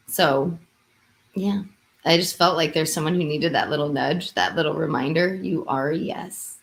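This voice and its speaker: A woman coach on a live stream, talking gently and hesitantly as she guides listeners through a short reflection. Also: sits low, moderate pace, vocal fry. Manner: gentle, hesitant, yawning at times. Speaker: intuitive coach.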